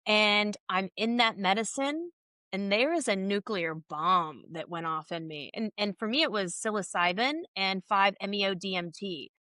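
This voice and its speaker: Candid bright-voiced woman telling her story. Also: mid-range voice, moderate pace, dry recording. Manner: candid, animated, reenacts conversations. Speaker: podcast guest. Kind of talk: casual personal storytelling.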